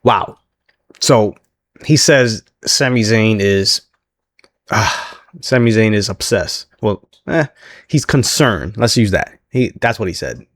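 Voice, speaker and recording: A man with a fairly low voice chats his way through a wrestling recap, laughing often and slipping into quick, lively quotes of what was said. The sound is dry and close, with no room around it. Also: no echo. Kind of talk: casual recap commentary.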